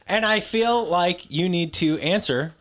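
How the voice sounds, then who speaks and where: A man co-hosting a podcast in casual chat. He jokes and teases, often halting and repeating words. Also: sits high, a bit bright. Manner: joking, teasing. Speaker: podcast co-host.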